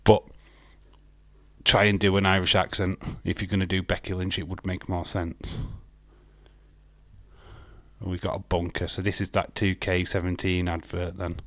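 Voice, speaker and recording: A man's voice: sits low, flat delivery, moderate pace, pauses often, fairly bright tone, dry recording. A man hosting a live watch-along, chatting casually and joking with his viewers, often laughing. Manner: talks to viewers and chat by name. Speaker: livestream host.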